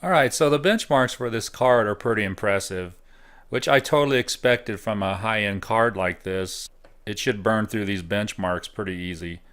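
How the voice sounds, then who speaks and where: A middle-aged man giving a relaxed, casual review of computer hardware at home, thinking out loud with frequent pauses. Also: on the low side. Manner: relaxed, thinking aloud with fillers. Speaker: tech reviewer.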